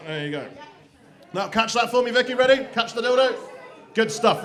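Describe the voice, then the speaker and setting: A man's voice: very high-pitched, a little fast. A man hosting a live comedy show, teasing the crowd with crude banter. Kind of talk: live stand-up compering. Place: comedy club stage. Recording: echoey club with loud crowd. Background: audience laughter and cheers.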